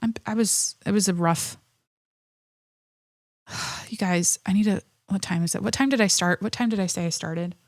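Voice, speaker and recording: A woman's voice: medium pitch, moderate pace, pauses often, no room sound, clean studio sound. Profane, fiery woman ranting on her podcast. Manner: animated, profane ranting with self-interruptions. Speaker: podcast host. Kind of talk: solo podcast monologue.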